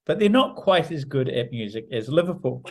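A man's voice: medium pitch, very animated, a little fast. A man co-hosting a casual podcast, with a dry, teasing way of talking who repeats himself to push the chat along. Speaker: podcast co-host.

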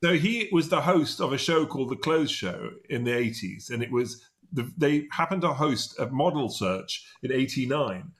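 A man's voice: mid-range voice, lively intonation, moderate pace, few pauses. A middle-aged man hosting a casual interview, rambling with many restarts and fillers. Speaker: podcast host.

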